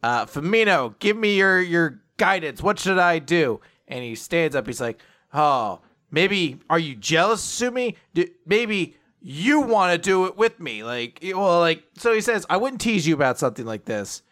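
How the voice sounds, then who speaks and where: A man's voice: a little high, expressive, moderate pace, a bit bright. A man casually recapping an anime episode with a co-host, laughing and acting out the characters' lines. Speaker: podcast co-host.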